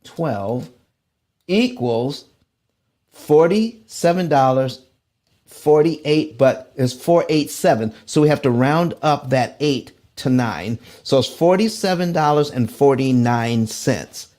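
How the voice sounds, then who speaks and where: A man hosting a live finance show, talking excitedly to his audience, reading out chat comments and repeating himself as he works through loan numbers. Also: medium pitch, slow. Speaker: host.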